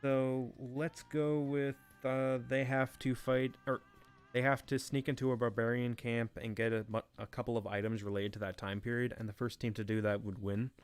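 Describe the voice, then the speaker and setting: A young man rambles through a fan-made game in an unscripted, offhand way, full of fillers and casual swearing. His voice is smooth and clear at an ordinary middle pitch, with faint music behind him. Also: level tone, moderate pace.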